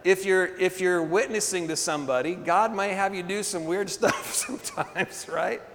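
A man preaching a sermon, telling a story with animated energy, laughing often and calling for responses from the congregation. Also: high voice, moderate pace, background noise. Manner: laughs often between phrases. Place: church hall. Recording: long hall reverb.

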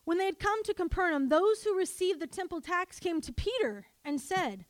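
High-voiced woman preaching a lively sermon. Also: normal speed, few pauses, dry recording, studio quality. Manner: animated, calls for congregation responses. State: coughing, choked up.

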